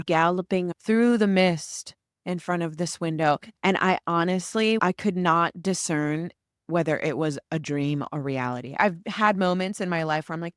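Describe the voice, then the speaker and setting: An American woman hosting a solo podcast, telling stories in a chatty, animated way. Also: on the low side, moderate pace, clear, resonant tone, dry recording, clean studio sound. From United States. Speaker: podcast host.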